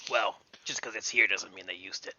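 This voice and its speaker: A man's voice: deep voice, steady tone, fairly quick, sharp tone, breathy edge, no echo, highs cut off. A man playing a tabletop game, tentatively explaining what he believes. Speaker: player. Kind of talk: casual tabletop game chat.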